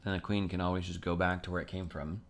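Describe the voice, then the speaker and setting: Male, low-ish register; relaxed self-talk, casual video host. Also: fast. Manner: chatty, self-talking, plain everyday tone. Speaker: chess video creator. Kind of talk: casual thinking aloud while solving puzzles.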